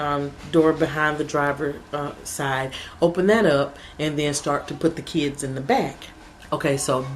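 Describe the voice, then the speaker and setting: A young mother talks to her camera in a fairly low voice, rambling through a story and acting out what everyone said. Her words run together as the telling gets more emotional. A faint hum of room ambience sits behind her. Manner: rambling, emotional retelling with quoted dialogue. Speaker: family vlogger.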